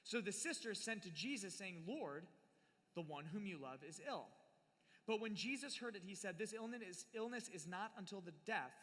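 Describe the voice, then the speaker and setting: Guy preaching live, acts out the bible people, kinda high voice, big echoey hall. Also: lively intonation, moderate pace, fairly bright tone. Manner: playful, acts out the people in the story. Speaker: youth speaker. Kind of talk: live sermon on scripture. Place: large hall at a live event. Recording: live hall with long reverb.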